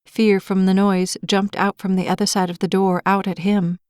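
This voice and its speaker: A woman reads a romance novel aloud in a clear, measured way, at a middle pitch. Her voice sits close to the mic. The sound is completely dry, with no room echo. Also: level tone, darkish tone. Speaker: audiobook narrator. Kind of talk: scripted audiobook narration.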